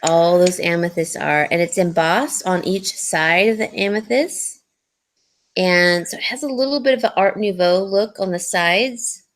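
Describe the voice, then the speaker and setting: A woman's voice: fairly low pitch, a little slow. Giggly lady chatting thru a jewelry sale stream, takes her time, lots of ums. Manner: chatty and giggly, rambling with fillers. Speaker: jewelry seller hosting a live sale. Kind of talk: casual live-stream sales chat.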